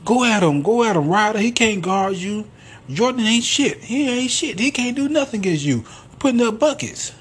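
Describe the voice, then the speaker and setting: A man putting on a loud, high-pitched young basketball player, taunting and yelling, husky edge, cocky bench chatter in a casual retelling. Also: animated, normal speed, full character voice. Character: young male basketball player trash-talking loudly.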